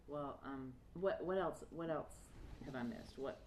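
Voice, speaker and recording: A woman telling her personal story in an interview, halting and jumping between thoughts. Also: deep voice, a little mellow, slight background noise.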